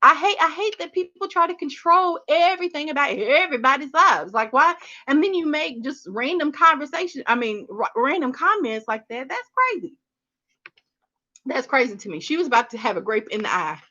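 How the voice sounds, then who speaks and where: A woman chats animatedly with her viewers on a gardening livestream, calling them honey and y'all. Her voice is bright and a little sharp, pitched somewhat high for a woman. The stream audio sounds slightly dull and lo-fi. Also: lively intonation, normal speed. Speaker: gardening channel host. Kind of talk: casual livestream chat with viewers.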